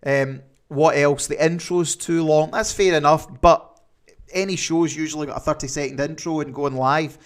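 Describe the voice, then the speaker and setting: A man's voice: on the high side, steady tone, moderate pace. A man with a Scottish accent hosting a live stream from indoors, seated, chatting casually and answering viewer comments as he goes. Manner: chatty, reads viewer comments aloud, repeats himself.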